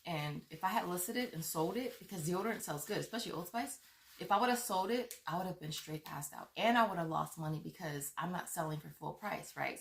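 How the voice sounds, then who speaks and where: A furious woman vlogger rants straight to her viewers, swearing, stammering and circling back to the same complaints. Her voice sits a little low and carries a gravelly fry. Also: a bit bright. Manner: heated, profane, repeats herself, stammers. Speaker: vlogger on money-saving apps. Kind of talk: angry rant to viewers.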